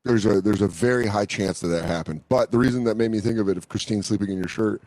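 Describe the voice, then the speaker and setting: A man's voice: fairly low pitch, fast, darkish tone, no echo, low-quality recording. A man hosting a podcast, telling crude comic stories in a loose, swearing, casual chat. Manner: loose, swearing, storytelling with silly voices. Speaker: podcast host.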